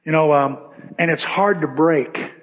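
Male pastor, conversational sermon delivery, fairly high-pitched, long church reverb. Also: measured pace. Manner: conversational, animated storytelling. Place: church sanctuary.

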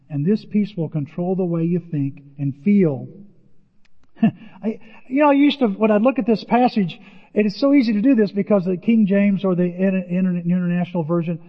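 An older man with a rather high voice preaches in an animated way and leaps up in pitch whenever he acts out a quoted line. The sound is muffled and lo-fi, and a long hall reverb trails after each phrase. He comes across as a pastor speaking from the front of a church. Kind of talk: sermon.

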